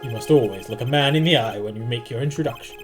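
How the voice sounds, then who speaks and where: A man reads a cool, taunting older card shark from a video game, formal and cryptic in every measured line. The voice sits at an ordinary pitch, and music plays clearly behind it. It stays close to the reader's own voice. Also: natural voice. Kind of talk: reading game dialogue aloud.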